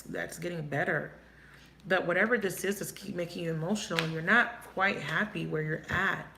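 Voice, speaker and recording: A woman giving a live tarot reading, thinking aloud and asking quick, emotive questions. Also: on the low side, creaky, fairly bright tone. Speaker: tarot reader. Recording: echoey room, faint noise.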